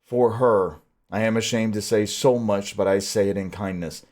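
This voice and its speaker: A man reading the part of a grave, stern old professor who pleads with measured weight. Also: lowish voice, darkish tone, natural voice. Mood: pleading. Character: grave old male Dutch professor, stern yet tender. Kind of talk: audiobook reading.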